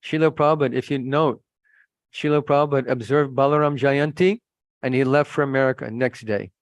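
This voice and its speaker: A man's voice: medium pitch, fairly even intonation, fairly quick, dry recording. Earnest admonishing male preacher. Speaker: preacher, monk. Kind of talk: sermon with anecdotes.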